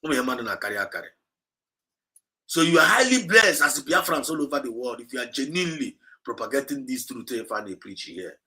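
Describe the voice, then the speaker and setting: A man's voice: medium pitch, very animated, fairly quick, bright, forceful tone. A man with a Nigerian Igbo accent preaching an exhorting livestream message, repeating his points and slipping between English and Igbo. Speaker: movement speaker.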